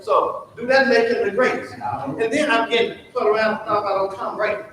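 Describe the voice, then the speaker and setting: A high-voiced man leads a Sunday school lesson in a preacherly call-and-response style, firing questions at his class. He is recorded from a distance in a church room that rings with heavy echo. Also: steady tone, moderate pace, fairly bright tone. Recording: very echoey church room from far off.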